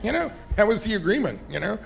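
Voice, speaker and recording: His voice sits high, with vocal fry, and he talks fast and very animatedly. This middle-aged man, an entrepreneur and investor guesting at a fireside chat, wanders through stories peppered with laughs and many "you know"s.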